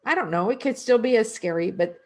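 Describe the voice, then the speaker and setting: A woman's voice: a little high, expressive, a little mellow. A middle-aged woman energy worker talking casually and reflectively, asking her listeners questions. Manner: reflective, slow, conversational with rhetorical questions. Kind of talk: casual spiritual talk.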